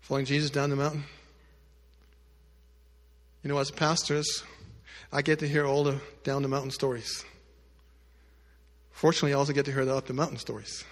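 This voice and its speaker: A male pastor telling a story in a sermon, addressing the congregation directly and moving between loud emphatic lines and hushed quiet ones. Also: mid-range voice, level tone, fairly quick, long pauses, in a large hall. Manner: speaks directly to the congregation with asides.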